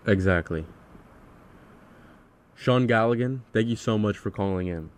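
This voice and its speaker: A man's voice: lowish voice, unhurried, slight background noise. A man hosting a podcast, chatting casually about music in an earnest way and asking leading questions. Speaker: podcast host.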